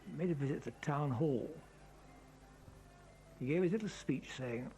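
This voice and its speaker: A man telling a historical anecdote in a documentary interview, animated and expressive. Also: a little high, normal speed, rough recording. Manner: animated storyteller. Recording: interview with music laid over it.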